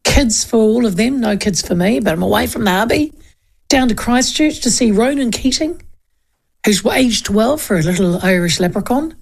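A woman's voice: on the high side, expressive, normal speed, vocal fry. A middle-aged woman with a New Zealand accent hosts talkback radio in a chatty, cheeky way. She reads listener texts and spins casual anecdotes with an easy, conversational delivery.

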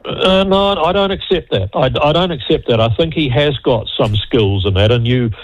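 A man's voice: a little high, expressive, moderate pace, no echo. An older man speaking bluntly and emphatically as a panelist in a political radio discussion. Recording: dull dry radio studio sound.

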